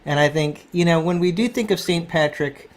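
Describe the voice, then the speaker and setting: A man hosting a casual conversation, talking haltingly with restarts and throat clearing. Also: fairly high pitch. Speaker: host. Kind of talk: casual chat.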